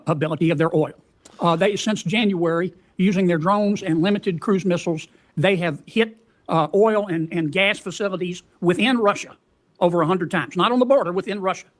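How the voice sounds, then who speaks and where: A man questioning a military officer at a hearing, asking folksy leading questions with halting restarts. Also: sits high.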